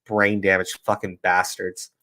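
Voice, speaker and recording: A man's voice: low voice, little pitch movement, unhurried, pushed and bright. A man giving profane, heated, sarcastic commentary on a livestream. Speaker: streamer commentator.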